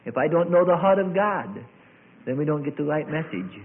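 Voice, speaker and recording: A middle-aged male pastor preaching a sermon, swelling suddenly loud and dropping to a hush. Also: a little high, sing-song, moderate pace. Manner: dramatic preaching with sudden swells and hushed drops. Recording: tinny phone-like sound.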